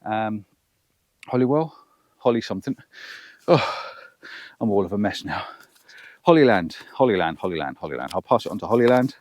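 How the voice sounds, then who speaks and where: A man's voice: on the low side, animated, moderate pace, pauses often, darkish tone, no room sound. A man testing a wireless lapel mic on an outdoor hillside, chatting and counting aloud and poking fun at himself. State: out of breath. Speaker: vlogger. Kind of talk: outdoor microphone range test vlog. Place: open hillside field with sheep, outdoors. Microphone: wireless lapel mic clipped on, far from camera.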